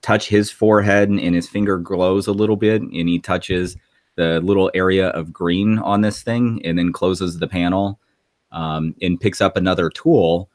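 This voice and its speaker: A man narrating a tabletop game as game master, halting and filled with ums and likes. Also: low-pitched, fairly even intonation, darkish tone, dry recording.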